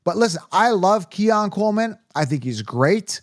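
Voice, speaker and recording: Excitable fantasy football host. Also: male voice, high voice, normal speed, a little hiss or hum. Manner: excitable, emphatic, repeats himself. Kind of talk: live-stream chat, reading comments.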